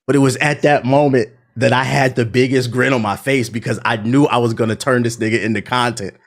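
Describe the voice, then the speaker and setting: A man who makes gaming content, ranting to his chat in an animated, profane and indignant way. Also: medium pitch, brisk, faint music behind.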